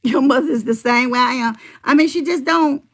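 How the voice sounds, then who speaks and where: A woman's voice: high voice, brisk, a bit bright. A middle-aged woman rambling in casual livestream chat, telling family stories and answering her viewers' comments.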